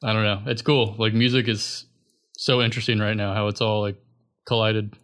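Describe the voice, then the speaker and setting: A man's voice: fairly low pitch, little pitch movement, normal speed, fairly bright tone. A young man chatting casually as a podcast guest, rambling loosely with lots of filler words. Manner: rambling, filler-heavy, laid-back. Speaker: guest musician.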